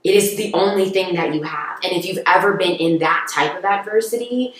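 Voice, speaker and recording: A woman's voice: fairly low pitch, brisk. A young adult woman, an actress, speaking earnestly and thoughtfully in a reflective podcast conversation. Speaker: guest, actress. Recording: echoey room.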